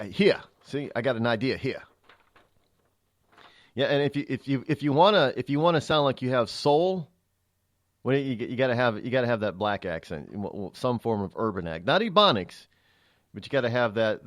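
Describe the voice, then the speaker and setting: Animated male talk radio host. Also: mid-range voice, dry recording. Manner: rambling, opinionated, conversational.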